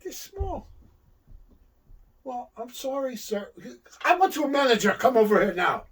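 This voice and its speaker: A man voicing a gruff, indignant older male wrestler who makes loud, complaining demands. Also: extremely high pitch, sing-song, measured pace, crowd noise, voice pushed up, exaggerated voice.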